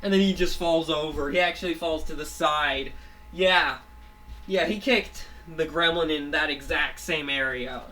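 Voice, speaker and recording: A man making up a show plot aloud, halting and full of fillers, restarts and constant "let's say" revisions. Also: fairly high pitch, pushed and bright. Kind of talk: improvised rambling storytelling. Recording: voice a bit far from the mic.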